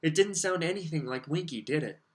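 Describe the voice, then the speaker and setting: A man's voice: a little high, lively intonation, fairly quick, pitched above the performer's own voice. A nervous but determined teenage girl pleads her case in a raised, earnest voice, as a male reader puts her on. She insists firmly despite the nerves.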